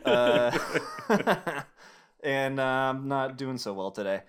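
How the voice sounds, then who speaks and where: A man's voice: medium pitch, takes it slowly, clean tone. A young man hosting a casual podcast chat, rambling and restarting his sentences, laughing often. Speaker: podcast host.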